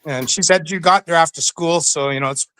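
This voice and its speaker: Bright, animated storytelling man. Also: fairly high pitch, a little fast, no echo. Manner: animated storyteller who acts out the voices. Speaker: interview guest. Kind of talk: casual storytelling.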